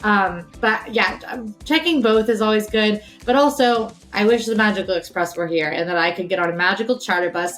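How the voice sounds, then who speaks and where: A woman's voice: medium pitch, fairly quick, hardly any pauses, a bit bright, faint music behind. A woman co-hosting a casual chat, explaining things at length with lots of fillers. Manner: chatty, explains at length with many "like"s and "um"s. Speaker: co-host.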